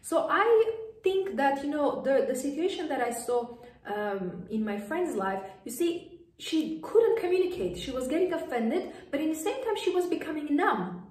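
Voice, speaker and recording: Female coach, high voice, firm repeated commands; roomy distant recording. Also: sing-song, moderate pace, darkish tone. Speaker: lifestyle coach. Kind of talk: motivational advice to camera. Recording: echoey room, voice distant from mic.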